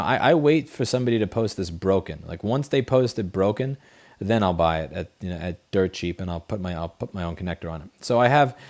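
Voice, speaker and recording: A man hosts a late-night livestream from a home desk setup, talking straight into a studio mic. His voice sits a little low. He chats in a blunt, rambling way, swears freely and answers viewer messages. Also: darkish tone. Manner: blunt, profane, rambling storyteller. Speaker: livestream host. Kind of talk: casual chat, reading viewer messages. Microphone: studio headset mic.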